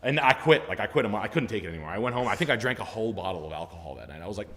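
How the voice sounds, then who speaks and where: A man's voice: on the low side, animated, very fast, fairly bright tone, long reverb tail. A man telling funny work stories on a live stream, acting out the voices of the people in them and swearing freely. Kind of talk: casual storytelling chat.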